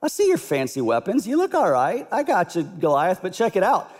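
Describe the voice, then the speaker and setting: A man's voice: high voice, wildly swooping pitch, fairly quick, heavily acted. Brief: man as a brash, boastful teenage boy, taunting, echoing through a big hall. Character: brash hot-headed teenage boy, cocky trash-talker.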